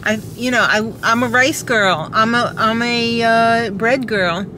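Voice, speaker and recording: A young woman vlogger talking casually to her viewers in a slightly high voice. She is chatty and upbeat and laughs easily as she talks. A faint hum of ambience sits behind her. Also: a little slow. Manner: chatty, upbeat, laughs often, many fillers and restarts. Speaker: vlogger host. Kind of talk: casual chatty vlog update.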